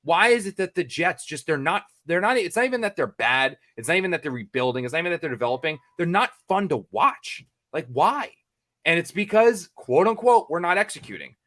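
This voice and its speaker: An American man on a sports podcast, a reporter by trade, rants with mounting exasperation. He circles back over the same points, repeats himself and swears freely. His voice sits a little higher than most men's. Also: animated, fairly quick, fairly bright tone. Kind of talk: ranting podcast chat.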